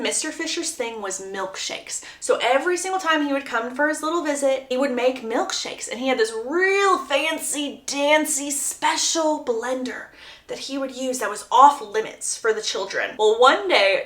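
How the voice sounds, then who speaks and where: Chatty woman recapping a book plot. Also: high voice. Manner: chatty, expressive, amused asides. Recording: roomy echo.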